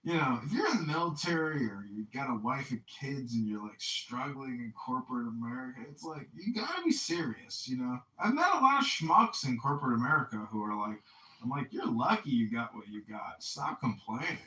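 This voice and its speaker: A man with a bright, forceful voice, chatting loosely as a podcast host. He rambles, leans hard on "like" and swears freely. He sits back from the mic in an echoey room. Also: medium pitch, sing-song, a little fast, distant mic. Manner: rambling, profane, heavy on "like". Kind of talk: casual chat.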